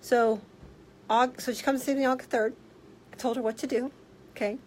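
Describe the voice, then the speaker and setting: A woman health practitioner telling a story in a casual vlog, blunt and animated, swearing freely. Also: fairly high pitch, fairly quick, a little hiss or hum, rough recording. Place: office.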